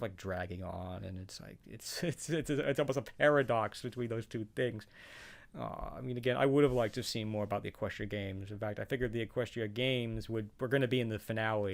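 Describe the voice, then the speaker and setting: A man's voice: mid-range voice, fast, gravelly. A man casually talking through his thoughts on a cartoon episode, rambling and hesitant, with frequent chuckles. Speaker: show reaction vlogger. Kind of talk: casual spoken commentary.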